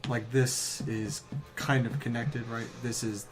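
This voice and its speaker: A man's voice: medium pitch, little pitch movement, slow. Rpg player guy, kinda unsure, restarts his sentences, faint music in back. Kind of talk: casual tabletop play.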